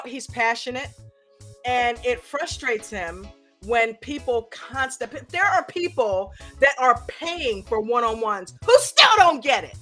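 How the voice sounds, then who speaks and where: Bright-voiced, upbeat woman streamer. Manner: upbeat, chatty, pitching memberships. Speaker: live stream host. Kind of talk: casual live-stream chat.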